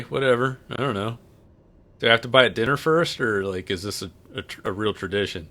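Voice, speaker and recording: A man, talking loosely on a livestream. His voice is bright and forward, and he keeps up easy jokes as he tells stories while working the controls. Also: fairly low pitch. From United States. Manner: chatty storyteller, joking while flying. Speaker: livestream host and pilot. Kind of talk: casual livestream chat.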